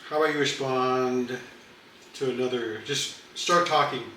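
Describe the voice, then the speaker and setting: A man's voice: medium pitch, measured pace, slight background noise. Man, cooking host, loose and chatty with fillers; echoey room, distant mic. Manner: relaxed and rambling, with fillers. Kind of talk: casual cooking chat.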